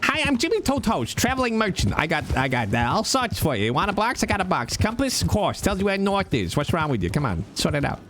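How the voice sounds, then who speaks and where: A pushy traveling merchant of the Old West, put on by a man, rattling off his wares in a raised voice with lively ups and downs. He is brisk and impatient, and music plays behind him. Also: high-pitched, voice pushed up, heavily acted. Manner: brisk, impatient sales patter.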